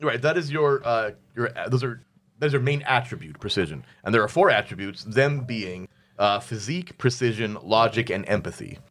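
A man's voice: medium pitch, lively intonation, moderate pace, fairly bright tone. A man hosting a tabletop game podcast as game master, chatting casually, joking around and walking the players through the rules step by step. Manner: playful, joking asides, explains rules step by step.

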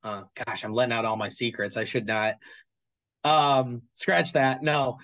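A man's voice: medium pitch, measured pace, fairly bright tone, low-quality recording. A man speaking as an interview guest about his collection, talking casually and rambling with many fillers and restarts.

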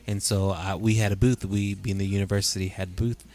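A middle-aged man co-hosting a podcast in casual chat, relaxed, with frequent affirmations and easy laughter. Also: sits low, brisk. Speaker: podcast co-host.

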